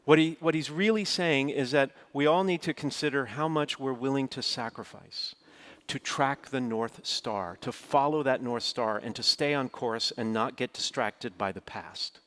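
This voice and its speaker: A middle-aged pastor tells a personal story during a sermon in an earnest, storytelling manner. His voice is mid-range, fairly bright, and moderately paced, jumping up sharply whenever he quotes his own words.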